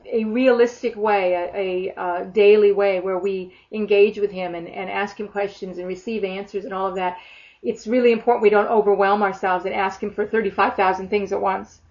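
A woman's voice: mid-range voice, fairly even intonation, normal speed, a little mellow. A woman preaching a sermon in a fervent, emphatic way, often acting out imagined prayers. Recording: dull lo-fi sound.

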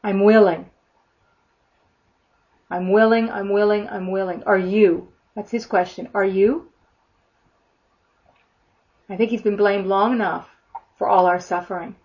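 A woman's voice: medium pitch, steady tone, a little slow, long pauses. A woman preaching a sermon in a fervent, emphatic way, often acting out imagined prayers. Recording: dull lo-fi sound.

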